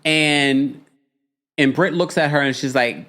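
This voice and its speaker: A man's voice: fairly high pitch, slow pace, bright, forceful tone. A man hosting a casual commentary show, reading viewer messages aloud and reacting with laughs. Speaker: host.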